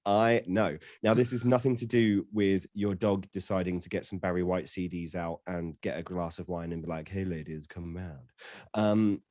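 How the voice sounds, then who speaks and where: A man's voice: deep voice, fairly even intonation, moderate pace, hardly any pauses, darkish tone, no echo, clean studio sound. A middle-aged man, a dog trainer guest on a podcast, explaining dog behavior with jokes and many fillers. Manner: jokey, explains with asides and fillers. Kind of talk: casual explanatory chat.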